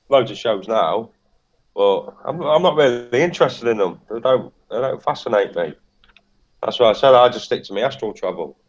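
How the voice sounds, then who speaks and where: A man with blunt, sweary talk, telling stories about his psychic readings in casual chat. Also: on the low side. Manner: swearing, blunt anecdote-telling with quoted voices. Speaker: psychic guest. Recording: dull lo-fi audio.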